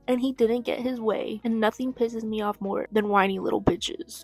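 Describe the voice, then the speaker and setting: A woman's voice: on the high side, steady tone, moderate pace, few pauses, a little mellow, soft background music. A young woman vlogging casually at home about books, chatty, swearing freely and easily distracted. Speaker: book vlogger. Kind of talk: casual chat.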